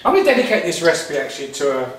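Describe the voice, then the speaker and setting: Racing along and very animated, a fairly high-voiced man from England hosts a home cooking demo in a chatty, rambling way, restarting often. Background noise, kitchen echo, a distant mic, and frying sizzle fill the recording.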